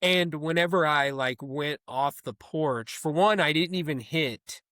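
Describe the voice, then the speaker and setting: A man co-hosting a metal podcast, telling stories in an animated, chatty way with frequent laughter. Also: a little high, a little slow, dry recording, studio quality. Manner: animated storyteller, laughs often. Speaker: podcast co-host. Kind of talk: casual chat.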